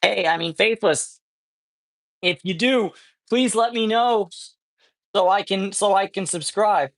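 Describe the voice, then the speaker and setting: A man's voice: sits high, a little slow, fairly bright tone, rough recording. A man chatting casually on a livestream from his home, rambling playfully with many restarts. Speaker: streamer. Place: home with cats.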